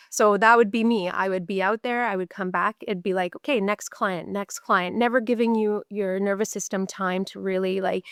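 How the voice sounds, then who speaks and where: Middle-aged woman from canada telling her nursing story, frank, repeats herself for emphasis, crisp voice. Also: medium pitch, dry recording, studio quality. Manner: earnest, candid, repeats words for emphasis. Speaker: guest, mental health nurse. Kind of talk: podcast interview storytelling.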